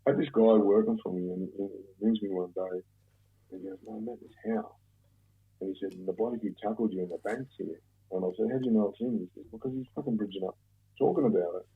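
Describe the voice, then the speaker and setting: Gravelly Australian man, phone-like sound. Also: lowish voice, fast. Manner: relaxed, profane, rambling storyteller. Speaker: guest, former bank robber. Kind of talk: casual storytelling interview.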